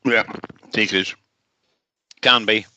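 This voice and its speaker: Co-host, male, lower voice, bright tone, casual joking banter. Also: steady tone, slow pace, no echo, highs cut off. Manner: joking, chimes in with opinions. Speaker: co-host on a livestream. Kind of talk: casual live-stream chat.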